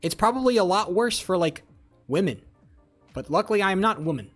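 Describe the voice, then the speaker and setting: A man's voice: high voice, animated, a little fast, faint music behind. A young man chatting casually with his live-stream viewers, rambling, swearing and joking as he reads chat. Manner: rambling, profane, jokey, talks to chat.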